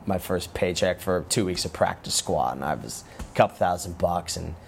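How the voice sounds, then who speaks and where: A man with a very low, deep voice tells stories in a relaxed, meandering way, often circling back and restarting his sentences. He talks like an easygoing interview guest. Faint room ambience hums underneath. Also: normal speed, vocal fry, slight background noise. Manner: relaxed, rambling with frequent restarts. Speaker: guest, former pro football player. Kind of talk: casual interview storytelling.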